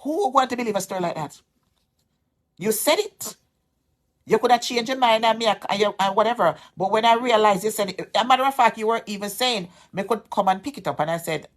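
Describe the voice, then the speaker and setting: A woman's voice: fairly high pitch, expressive, a little fast. A Jamaican woman vlogger speaking straight to camera, insistent and aggrieved, repeating her points as she calls someone out. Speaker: social media vlogger. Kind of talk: heated direct-to-camera callout.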